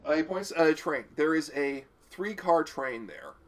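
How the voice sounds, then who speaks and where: A man's voice: fairly high pitch, animated, normal speed. A man narrating as game master on a tabletop game live stream, descriptive and laughing often.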